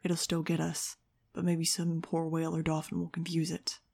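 A woman voicing a quiet, tense winged teenage boy with a hushed, dry delivery in an audiobook. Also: low-pitched, monotone, moderate pace, gravelly.

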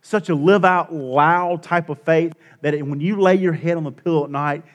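Passionate preaching man, fairly high voice. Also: steady tone, moderate pace, highs cut off. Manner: passionate, swings between hushed and loud; preacherly, repeats for emphasis. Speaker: pastor. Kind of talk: sermon.

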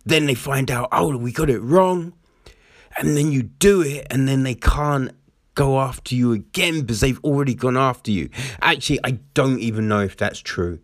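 A man's voice: mid-range voice, normal speed, no room sound, studio quality. A man ranting about the news in a casual, sarcastic and profane way, often asking "right?". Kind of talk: casual commentary rant.

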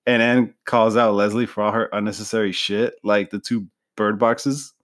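A man with a lowish voice, speaking at a moderate pace, hosts a podcast and chats casually. He retells scenes in an animated way, acting out the quoted lines.

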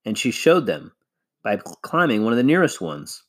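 A man reading a children's novel aloud, measured and expressive. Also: lowish voice, slightly rough. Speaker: reader.

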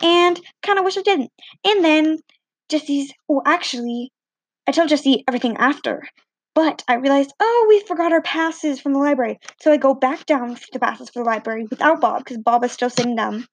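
A teenage girl telling a story in a chatty, animated way, acting out the other people's lines with different voices. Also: high-pitched, brisk. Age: teens. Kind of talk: casual storytelling.

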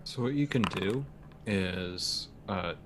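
A tabletop player calmly explaining how to make a dice roll. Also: low voice, takes it slowly, a little hiss or hum. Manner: calm, helpful explaining. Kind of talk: casual tabletop play.

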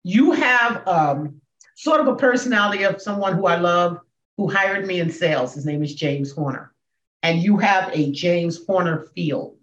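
A woman in her sixties, a comedian and speaker, telling her story as a podcast guest with emphatic swings in pitch and volume. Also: lively intonation, normal speed. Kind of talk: emotional storytelling in a podcast interview. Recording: echoey, dull room sound.

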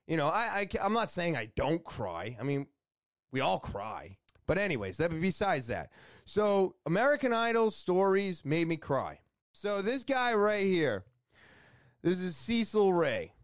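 A man's voice: high-pitched, very animated, unhurried, dry recording, studio quality. A man hosting a podcast, talking in a rambling, blunt way with swearing and lots of fillers. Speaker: podcast host. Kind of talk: casual podcast rant.

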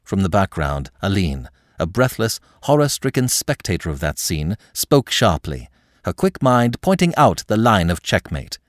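A man narrating a classic novel in a dramatic, expressive way. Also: deep voice, moderate pace, no room sound, studio quality. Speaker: audiobook narrator.

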